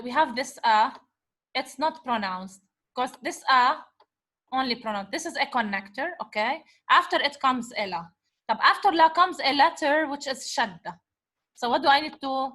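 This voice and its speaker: A woman teacher with a high, bright voice leads a recorded revision lesson. She takes her time, sounds words out syllable by syllable, and keeps asking whether the class is following. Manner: slow, patient syllable-by-syllable decoding; switches between English and Arabic words. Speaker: Arabic teacher.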